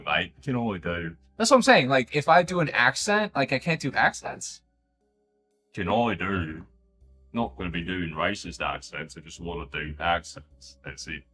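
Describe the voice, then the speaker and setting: A man talking casually on his livestream, swearing and reacting with disbelief, his pitch jumping all over. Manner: animated, swearing, incredulous outbursts. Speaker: livestreaming painter. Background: background jazz music.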